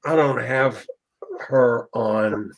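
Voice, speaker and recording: A man's voice: mid-range voice, very slow, gravelly, rough recording. A man in a casual video chat, dryly joking and muttering to himself while he sorts out the technical setup. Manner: wry, distracted, mutters while fiddling with the setup.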